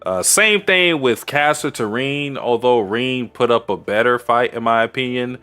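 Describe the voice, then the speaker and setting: A man's voice: medium pitch, moderate pace, bright, forceful tone, smooth, soft background music. A man co-hosting a podcast, casually recapping anime episodes with crude jokes and lots of fillers. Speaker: podcast co-host.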